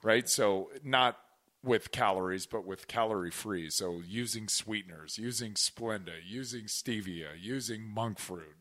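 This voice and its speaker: Animated rambling man podcasting. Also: fairly low pitch, a little slow. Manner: animated, rambling, swears casually. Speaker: podcast host. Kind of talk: casual chat.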